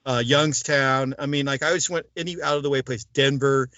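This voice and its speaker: A man's voice: mid-range voice, steady tone, normal speed, pushed and bright, no echo. A man in a casual interview, telling his story at length and acting out the voices of the people in it. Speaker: interview guest, former mobster turned informant. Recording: dull, dry lo-fi sound.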